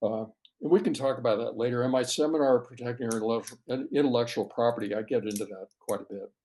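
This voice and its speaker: A man's voice: mid-range voice, steady tone, fast talker, darkish tone. A middle-aged man from the US West Coast, a photographer guest telling work stories in a casual interview, with frequent restarts and fillers.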